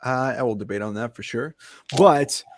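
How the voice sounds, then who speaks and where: A man's voice: medium pitch, normal speed, slight background noise. A man in his thirties hosting a podcast, joking around casually and swearing a lot. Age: 30s. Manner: joking, profane, loose. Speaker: podcast host. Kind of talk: casual chat.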